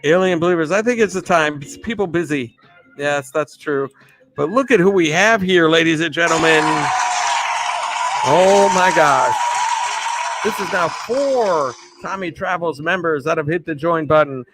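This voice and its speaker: A man's voice: a little high, measured pace, over music. A man hosting a live stream, greeting viewers by name in an upbeat, chatty way and laughing often. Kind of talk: casual live stream shout-outs.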